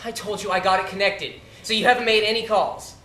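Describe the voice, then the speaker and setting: A man's voice: sits high, fairly even intonation, brisk, background noise, natural voice. An actor in his thirties playing a frustrated, hurt gay man on stage, speaking with tense agitation. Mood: impatient. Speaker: visitor. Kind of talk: stage play acting. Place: theater stage. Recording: echoey stage, from far off, faint ambience.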